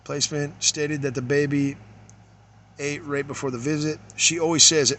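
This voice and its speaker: A man reading case notes aloud and commenting on them, halting, with many fillers, trailing off quietly at times. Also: fairly high pitch, flat delivery, slight background noise.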